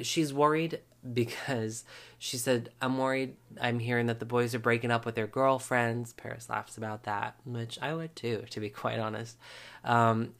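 A man's voice: medium pitch, fairly bright tone, smooth. A man hosting a podcast, recapping a reality show episode in a casual, chatty way with wry asides and frequent ums.

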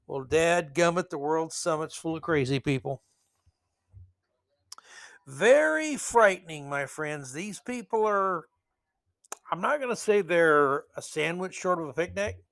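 Male podcaster, somewhat higher pitch, sarcastic rambling commentary. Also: animated, a little slow, long pauses, a bit bright. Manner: sarcastic, mocking, rambling asides. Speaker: podcast host.

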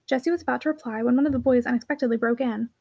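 A woman narrating a classic novel as an audiobook reader, in a brisk, clear reading. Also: fairly high pitch, a little mellow. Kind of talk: scripted narration.

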